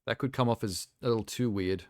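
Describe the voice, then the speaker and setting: A man's voice: on the low side, quick pace, dry recording, clean studio sound. A man streaming live, chatting casually as he reacts to videos and rants with exasperated critique.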